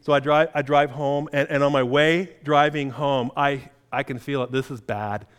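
A man's voice: mid-range voice, fairly even intonation, moderate pace, fairly bright tone, clear, resonant tone. A middle-aged man preaching a sermon, telling a personal story in a self-deprecating way with chuckles. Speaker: pastor.

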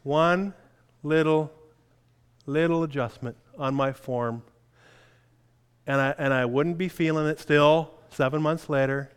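A man's voice: a little high, fairly even intonation, measured pace, pauses often, clear, resonant tone. A middle-aged man preaching a sermon, telling a personal story in a self-deprecating way with chuckles. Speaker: pastor.

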